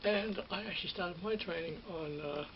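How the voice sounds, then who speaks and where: This former ride operator from Australia, a middle-aged man, looks back casually on his old job, wandering off track and frequently restating or fixing what he says. He speaks at a moderate pace in a high-pitched voice, captured on a dull recording with slight hiss.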